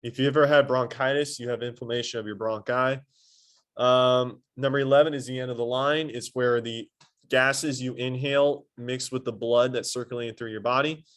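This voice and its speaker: A man teaching a high school anatomy lesson in a classroom, quizzing his students and adding playful asides. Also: fairly even intonation, normal speed, a bit bright. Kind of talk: classroom lecture.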